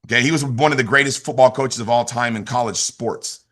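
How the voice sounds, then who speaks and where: A middle-aged man leading a motivational team call, energetic and repetitive, asking questions and answering them himself. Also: mid-range voice, brisk. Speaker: team leader and youth football coach.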